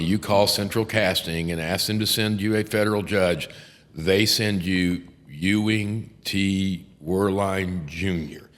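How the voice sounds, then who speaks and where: Older guy, lowish voice, cussing and laughing through trial stories, roomy reverb. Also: fairly bright tone. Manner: profane, laughing, acts out quotes. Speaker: podcast host, defense attorney. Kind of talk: casual storytelling chat.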